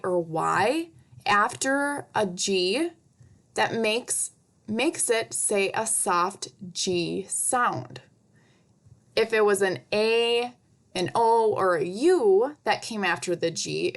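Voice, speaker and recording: A woman teacher giving a recorded spelling lesson to young children, repeating each word slowly and patiently. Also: mid-range voice. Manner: slow, patient, over-enunciated word drills.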